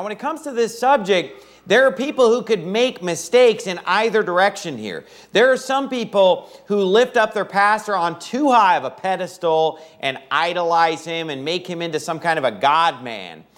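A man's voice: sits high, a bit bright. A man preaching a sermon, reading scripture aloud and emphatically repeating his key points.

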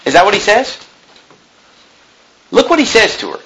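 A man preaching with a lively, swooping delivery, reading scripture aloud and arguing his case with sharp mocking asides. His voice sits a little high and sounds bright, with a faint hiss of noise behind him. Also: normal speed, pauses often, low-quality recording. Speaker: pastor.

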